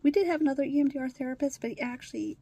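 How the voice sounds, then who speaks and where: A deeply upset woman speaking bluntly as she tells a personal story to her camera, swearing freely and often sinking to a whisper. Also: very fast, dark tone, highs cut off. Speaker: vlogger sharing her life with trauma.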